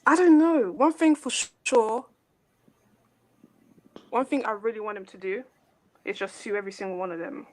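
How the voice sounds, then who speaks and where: A woman's voice: medium pitch, lively intonation, moderate pace, pauses often, a little mellow. A woman calling into a live stream as a guest, earnestly asking heartfelt questions. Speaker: guest caller. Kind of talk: casual live chat.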